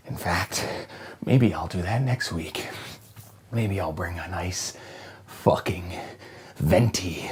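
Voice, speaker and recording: A man hosting a comedy show, delivering a profane, conspiratorial monologue that swings from hushed near-whispers to loud manic shouting. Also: low voice, slow pace, long pauses, slight background noise.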